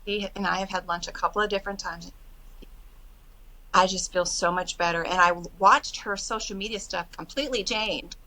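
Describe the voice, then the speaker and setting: Bright-voiced woman telling stories. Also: medium pitch, moderate pace, rough recording. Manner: animated storytelling, quotes others in lively voices. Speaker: podcast guest, retreat organizer. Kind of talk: casual interview chat.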